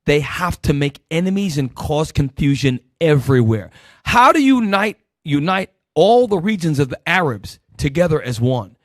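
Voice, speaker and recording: Male Bible teacher, higher-pitched, emphatic sermon delivery with loud bursts, dry close recording. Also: big pitch swings, moderate pace, no echo. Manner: emphatic, swinging between loud bursts and low asides; calls out verses and directs helpers. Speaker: Bible teacher leading the class.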